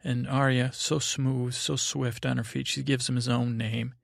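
A man with a gravelly, fry-laced voice drifts through a sleepy, rambling recap in a steady, even tone. His delivery is low-key and wandering, with plenty of restarts, and the sound is close and dry. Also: a little slow, no echo. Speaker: podcast host.

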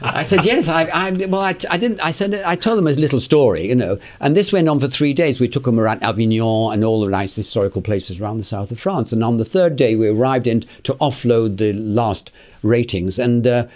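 A man's voice: medium pitch, brisk, darkish tone. A man, telling long personal stories as an interview guest, chuckling and repeating words as he recalls them. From England. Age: 80s. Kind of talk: anecdotal storytelling in conversation.

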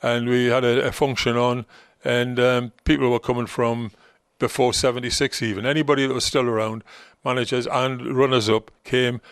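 An older man with a gravelly, fry-laden voice reminisces in a rambling, anecdotal way. He acts out the lines of people from his stories as he goes. The sound is dry and close. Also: medium pitch, little pitch movement, moderate pace, no room sound. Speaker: former football manager, guest. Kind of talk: anecdotal storytelling in conversation.

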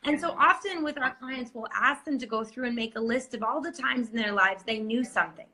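A woman with a bright, somewhat high voice talks casually as a guest on a podcast. She coaches clients on intuition and keeps acting out her inner voices in little quoted asides. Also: a little fast.

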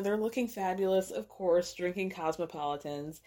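A woman podcast host giving a chatty, slangy TV recap, acting out the characters' lines with quick laughs. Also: medium pitch, a little mellow. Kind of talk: casual TV recap.

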